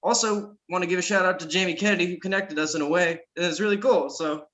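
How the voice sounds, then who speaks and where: A man's voice: sits high, fairly even intonation, fast, fairly bright tone. A man hosting a podcast in casual chat, brash and joking, swearing freely. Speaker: podcast host.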